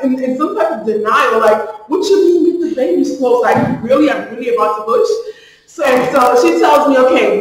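Animated woman telling a story, echoey room. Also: sits high, far from the mic. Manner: animated, acts out the dialogue in her story. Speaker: vlogger. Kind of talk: casual storytelling to camera.

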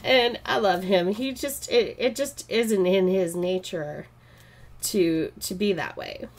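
A woman talks at an unhurried pace in easy casual chat as she draws. She rambles from story to story and laughs often, with her pitch sitting mid-range. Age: adult, married. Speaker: art vlogger. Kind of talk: casual chat while drawing.

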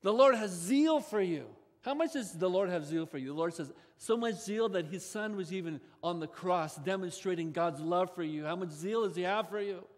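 High-voiced man preaching in a reverberant church. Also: moderate pace, hardly any pauses. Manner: expressive preaching with sharp rises in pitch and volume. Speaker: pastor. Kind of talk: sermon. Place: large church sanctuary. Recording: long church hall reverb.

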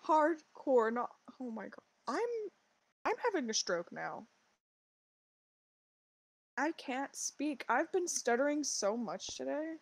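A woman's voice: fairly high pitch, sing-song, moderate pace, vocal fry, dry recording, rough recording. Rambling chatty woman on voice chat. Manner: rambling, full of likes and ums. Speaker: co-player and friend of the streamer. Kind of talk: casual voice chat while gaming.

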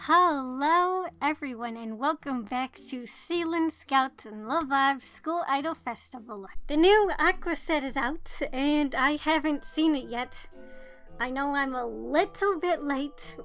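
A woman vlogging casually over a mobile game, gushing and excitable, often apologizing for herself. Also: high voice. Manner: gushing, excitable, self-deprecating. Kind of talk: casual gameplay commentary.

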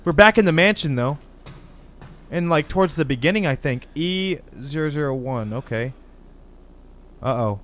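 A man hosting a gaming channel, giving excitable, slangy commentary as he plays a horror game. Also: on the high side, normal speed, pauses often. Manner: excitable, exclamatory, casual slang. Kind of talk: let's play commentary.

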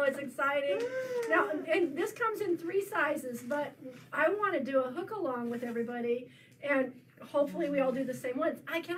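A chatty, self-joking woman teaching a rug hooking class. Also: sits high. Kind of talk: casual class presentation. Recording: distant mic with room noise.

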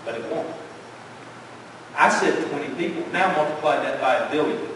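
A man preaching a sermon as pastor, emphatic, asking rhetorical questions and dropping to a hush. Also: on the high side, animated, moderate pace. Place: church sanctuary. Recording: echoey church hall from far off, faint noise.

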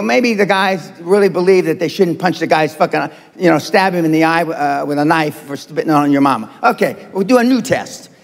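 Blunt, gravelly older man in a hall. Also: high-pitched. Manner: blunt, profane and confrontational. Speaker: seminar speaker. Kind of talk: motivational seminar talk. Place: large seminar hall with audience. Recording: reverberant live hall recording.

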